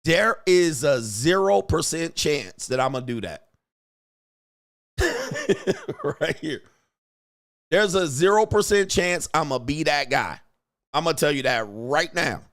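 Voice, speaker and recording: A male show host delivers a casual commentary monologue, telling stories in heavy slang, laughing often, and acting out pickup lines in a higher voice. His delivery is expressive and slow with frequent pauses, his tone fairly bright, and the studio sound clean with no echo.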